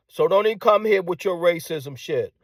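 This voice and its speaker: Ranting man, rather high, dry sound. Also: lively intonation, normal speed, no echo. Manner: combative, repeats phrases and rhetorical questions; drops to hushed tone at times. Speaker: commentator. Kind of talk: ranting monologue.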